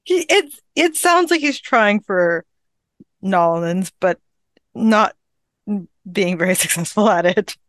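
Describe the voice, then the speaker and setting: A woman's voice: medium pitch, animated, slow, a bit bright, dry recording. A woman on a podcast, adding wry, teasing comments while talking over a movie. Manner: wry, teasing short remarks. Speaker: podcast co-host. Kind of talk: casual movie recap chat.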